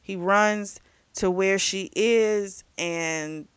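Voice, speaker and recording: A woman with a medium-pitched, clear, resonant voice reviews a book in a casual recap, speaking extremely slowly. She rambles with plenty of fillers and is frank, swearing bluntly and freely. There's no echo.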